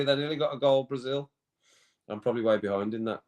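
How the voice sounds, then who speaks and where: A man's voice: mid-range voice, fast talker, dull audio. A man hosting a casual watch-along stream, chatting with viewers and often laughing. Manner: chatty, reads chat comments aloud, laughs often, reacts to play. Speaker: live stream host.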